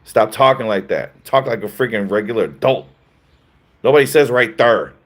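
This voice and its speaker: A man's voice: mid-range voice, moderate pace, fairly bright tone, lightly acted. A man voicing a fed-up wife scolding her husband in an exasperated tone.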